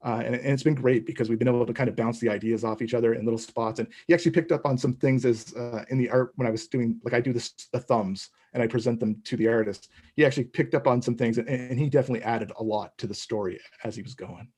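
Casting: middle-aged man, husky, hesitant guest who keeps restarting his sentences. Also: mid-range voice, steady tone, quick pace, hardly any pauses, a little mellow. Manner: rambling, hesitant, full of restarts. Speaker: comic book creator, guest. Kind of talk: casual interview talk.

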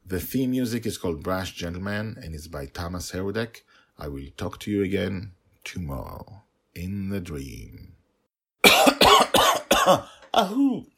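Low, husky male storyteller. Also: expressive, normal speed, dry recording. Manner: gentle, earnest storytelling. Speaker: author and reader of a serial story. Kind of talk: storybook narration.

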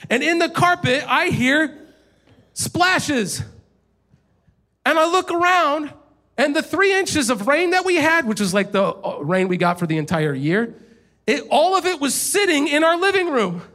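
Casting: high-pitched male pastor, thirties, lively storytelling sermon. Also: unhurried. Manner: storytelling, animated, rising in pitch when telling of frustration.

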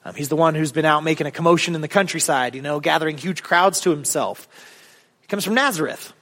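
Conversational pastor in a reverberant hall. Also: male voice, fairly high pitch, fast talker, a bit bright. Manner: conversational, with filler ums and rising emphatic questions. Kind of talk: sermon. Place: church sanctuary.

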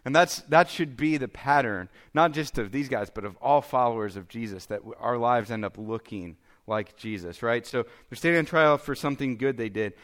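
Pastor, man, 30s; casual conversational sermon delivery, average pitch. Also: moderate pace, hardly any pauses, a bit bright. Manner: conversational, self-deprecating preaching with frequent "okay?" and "right?".

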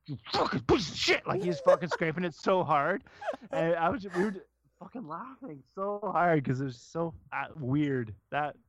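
A man's voice: fairly high pitch, no echo, lo-fi sound. A man co-hosting a podcast in casual chat, telling stories with lots of swearing and laughter. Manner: profane, laughs often, animated storytelling. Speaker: podcast co-host.

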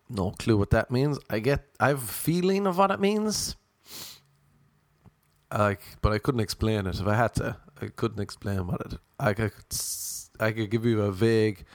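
A man's voice: lowish voice, very animated, unhurried, no echo. Brief: Irish man, rambling jokey storyteller, dry close sound. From Ireland. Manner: rambling, self-mocking, jokey asides. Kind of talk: casual comic storytelling.

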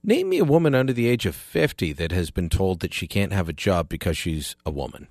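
A man hosts a call-in talk radio show, pushing his opinions with sarcastic, emphatic delivery. His pitch swings widely as he argues. The studio sound is dry and close. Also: huge pitch swings, brisk, creaky, darkish tone, no room sound. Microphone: studio microphone.

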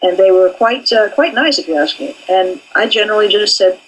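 A woman's voice: medium pitch, lively intonation, brisk, rough recording. An older woman, an animation professor, speaking candidly in an interview about her training. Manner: candid and forthright.

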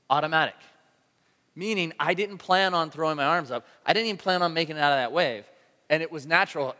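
A man preaching a sermon to a congregation, telling a story with animated energy and acting out his own shouts. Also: on the high side. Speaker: pastor. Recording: long hall reverb.

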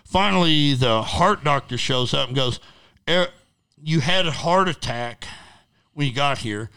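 A middle-aged man with a forceful, bright voice that comes through clean and resonant. He talks bluntly and swears freely. His story rambles along with plenty of fillers. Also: a little high, expressive, unhurried, clear, resonant tone. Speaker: interview guest. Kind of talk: casual storytelling.

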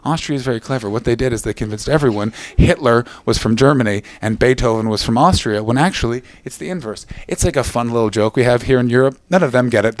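A man hosting a live comedy podcast, riffing brashly with the audience and swearing freely. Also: medium pitch. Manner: brash, swearing, self-mocking riffs. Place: live venue before audience.

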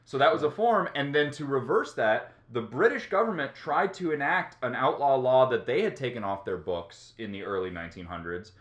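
A man co-hosting a casual chat podcast, explaining history in a rambling, relaxed way with plenty of ums. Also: medium pitch, a little fast, few pauses, roomy sound, dull audio.

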